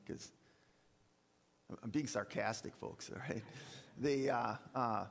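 A man preaching a sermon in a church, animated, often repeating words and slipping into sarcastic asides. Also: mid-range voice, measured pace, vocal fry, pauses often, long reverb tail. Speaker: preacher and college teacher.

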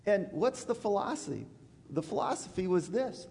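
A man preaching a sermon in a church, conversational and animated, acting out quoted voices. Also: high-pitched, moderate pace, vocal fry. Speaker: pastor. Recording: church hall reverb.

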